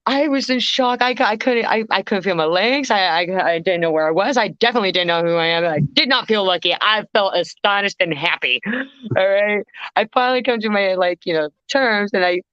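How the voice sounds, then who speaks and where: An animated woman tells a story on a podcast, cursing and often restarting her sentences. Her voice sits at a middle pitch. The recording is dry and slightly dull. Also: a little fast, clean tone, no echo. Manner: animated, swearing, self-interrupting. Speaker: guest vocalist.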